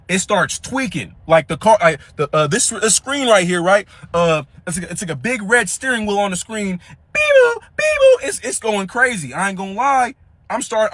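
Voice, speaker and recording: Young man, high-pitched, dry close sound, slangy animated storyteller. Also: dry recording. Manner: slangy, animated retelling with quoted dialogue. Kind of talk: casual storytelling.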